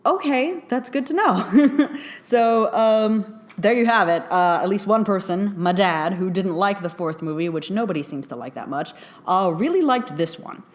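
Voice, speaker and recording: A woman giving a casual spoken film review, chatty and excitable, laughing often and full of fillers. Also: lowish voice, normal speed.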